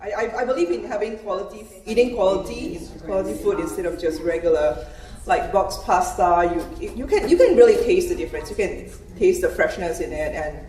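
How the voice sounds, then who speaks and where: A woman's voice: medium pitch, lively intonation, a little fast, mellow. Hesitant woman with many fillers. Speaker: fresh pasta maker. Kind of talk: speaking at a community event. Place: event room. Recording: echoey room from far off, faint noise.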